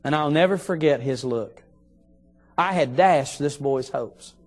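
A middle-aged man preaching in a church, his voice sitting high for a man. He tells a story from the pulpit and slows right down to lean on the words that matter, while soft music plays faintly underneath. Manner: storytelling, slows for emphasis on key phrases. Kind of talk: sermon. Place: church sanctuary.

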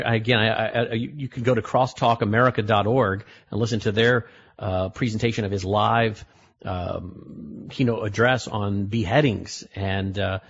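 Husky-voiced male radio host. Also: fairly low pitch. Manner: rambling, with restarts and stumbles over names. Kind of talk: casual talk radio chat. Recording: dull lo-fi broadcast audio.

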